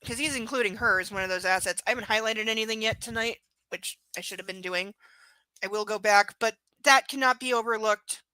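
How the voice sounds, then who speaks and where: Sarcastic woman reading aloud, bright voice. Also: fairly high pitch, a little fast, no echo, low-quality recording. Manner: sarcastic, exasperated asides with swearing. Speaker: host reading a novel aloud. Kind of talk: live reading with commentary.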